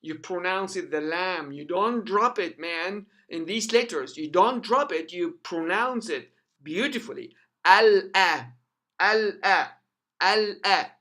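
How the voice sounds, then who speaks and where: A man's voice: sits high, expressive, unhurried, fairly bright tone. A man teaching a language lesson who patiently models each sound several times. His first language is Arabic.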